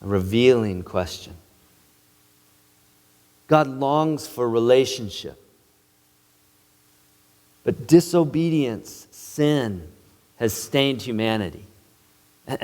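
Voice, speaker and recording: A man's voice: mid-range voice, expressive, slow pace, pauses often, a little mellow, in a large hall. A male pastor preaching a sermon in an earnest, emphatic way, in a church sanctuary.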